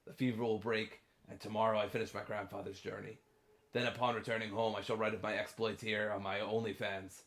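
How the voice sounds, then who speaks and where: A man's voice: on the low side, fairly bright tone. A man reading a feverish dying man's diary entry aloud in a hammy put-on pirate voice.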